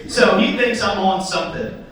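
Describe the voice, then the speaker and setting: A young man doing stand-up comedy in a theatre, telling stories in an animated way and acting out voices. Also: normal speed, very echoey, far from the mic, rough recording. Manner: animated, acts out voices with sudden high squeals. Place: theatre stage before a live audience.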